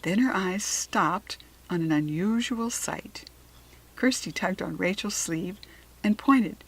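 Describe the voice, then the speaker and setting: A woman reading a children's storybook aloud, slow, clear and expressive. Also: medium pitch, rough recording. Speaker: storybook reader.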